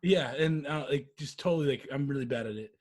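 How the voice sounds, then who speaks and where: A man's voice: mid-range voice, brisk, a little mellow. A young man co-hosting a podcast, defending himself with laughter and frequent swearing. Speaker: podcast co-host. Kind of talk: casual chat.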